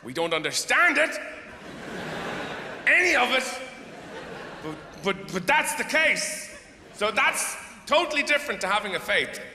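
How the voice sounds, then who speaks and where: On a theatre stage, a middle-aged male stand-up comedian performs live in an extremely high, sing-song voice, unhurried and full of long pauses. His rambling set is profane and exasperated, and the hall echoes with crowd noise.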